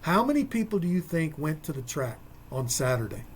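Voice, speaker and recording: Male sports radio host, slightly high voice, chatty and folksy, casual rambling talk. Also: big pitch swings, brisk, slight background noise.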